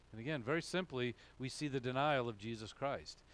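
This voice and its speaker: A man's voice: medium pitch, brisk, fairly bright tone. A man with a Boston accent preaching a sermon in a conversational way, often checking in with "okay?". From New England, USA. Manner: conversational, frequent "okay?" asides. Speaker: pastor.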